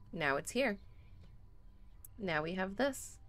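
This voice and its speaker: A woman's voice: mid-range voice, fairly bright tone. A young woman streaming a video game, chatty and giggly as she reacts to her chat. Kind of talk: live gameplay commentary.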